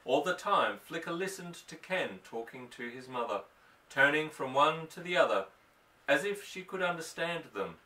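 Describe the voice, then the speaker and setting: Bright, lively male storyteller. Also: fairly high pitch, normal speed, far from the mic, low-quality recording. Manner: expressive storytelling, voicing each character. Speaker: audiobook narrator. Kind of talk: audiobook reading of a novel.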